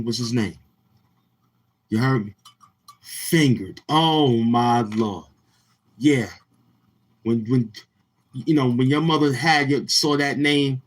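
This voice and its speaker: A man's voice: mid-range voice, rough recording. A man hosting a casual livestream, talking in brash, heckling, slang-heavy banter. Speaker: live-stream host.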